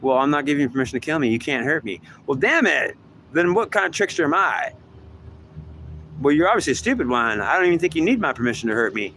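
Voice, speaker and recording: A man's voice: fairly high pitch, big pitch swings, fast, sharp tone, slight background noise. A man in a rambling self-dialogue, arguing back and forth with himself, swearing and repeating himself.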